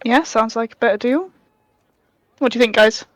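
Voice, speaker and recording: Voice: mid-range voice, moderate pace, fairly bright tone, dry recording. A player chatting casually at a tabletop game, laughing often. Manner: giggly, chatty.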